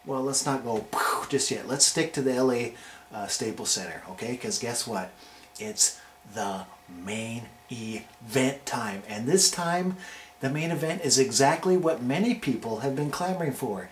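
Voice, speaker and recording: A man of middling pitch hosts a casual video review, pitching each name with playful hype. The room rings around his voice, with a faint hiss of noise underneath. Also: animated, unhurried. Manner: hyped, playful ranking countdown delivery. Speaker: wrestling show reviewer and host. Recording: roomy echo with faint noise.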